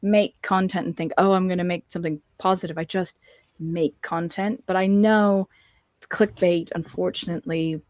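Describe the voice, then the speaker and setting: A woman guest on a podcast, talking in an earnest, gentle way with hesitant restarts. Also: lowish voice, steady tone, normal speed, dry recording, clean studio sound. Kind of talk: casual podcast chat.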